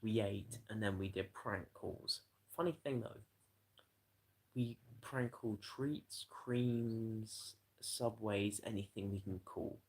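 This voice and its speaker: Gravelly, husky man telling stories. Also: fairly low pitch, steady tone, takes it slowly. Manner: rambling, profane anecdote-telling. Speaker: livestreamer. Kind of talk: casual storytelling to a live chat.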